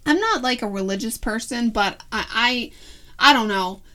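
A young woman with a slightly high voice, chatting on a podcast with a friend. She tells her stories in an animated, rambling way, full of fillers and casual swearing. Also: moderate pace. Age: young adult. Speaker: podcast co-host. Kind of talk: casual chat.

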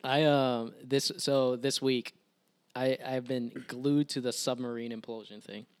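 A young man hosting a casual podcast, recapping the week's news in a lively, chatty way with quick laughs. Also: medium pitch, clean tone, no room sound. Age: young adult. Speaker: podcast host. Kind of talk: casual chat.

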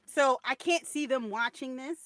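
Woman co-host gabbing away, opinionated, kinda high bright voice, dry sound. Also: moderate pace, no room sound. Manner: chatty, opinionated, storytelling. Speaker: podcast co-host. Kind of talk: casual chat.

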